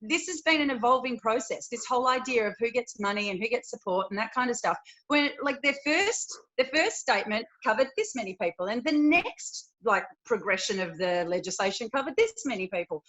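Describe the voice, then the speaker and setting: A woman's voice: a little high, lively intonation, brisk, a bit bright, poor audio. Blunt woman panelist. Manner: blunt, practical, filler "like" and "right". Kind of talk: casual panel chat.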